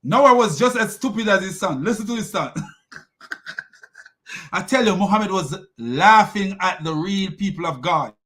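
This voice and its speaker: A man's voice: high-pitched, animated, normal speed, a bit bright. A man hosting a critical commentary, talking in a mocking tone, laughing often and restarting his sentences. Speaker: host.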